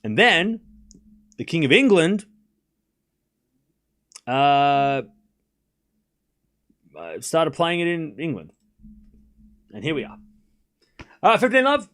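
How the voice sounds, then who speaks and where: A man streaming live tennis commentary, switching between quick play-by-play and rambling, self-correcting chat with his viewers. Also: on the high side, big pitch swings, fairly bright tone.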